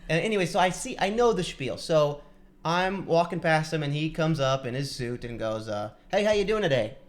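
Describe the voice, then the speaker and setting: A man's voice: on the high side, normal speed. A man co-hosting a comedy podcast, telling stories in casual chat, swearing often and mimicking strangers he meets. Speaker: podcast co-host.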